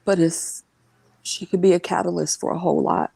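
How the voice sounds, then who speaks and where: Woman w a low gravelly voice, dark tone, telling her family's story all earnest and halting, dry close sound. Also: steady tone, no room sound, rough recording. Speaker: interview guest. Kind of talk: emotional personal storytelling.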